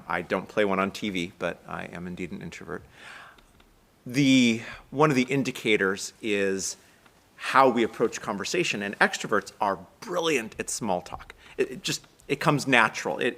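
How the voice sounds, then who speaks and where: A man with an American accent delivering a chatty, self-deprecating sermon at a synagogue service, talking quickly. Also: on the low side, sharp tone. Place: synagogue sanctuary, live stream.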